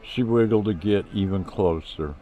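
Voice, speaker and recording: A man's voice: deep voice, normal speed, mellow, lo-fi sound. A man reading his own novel aloud in plain first-person storytelling. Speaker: author and narrator.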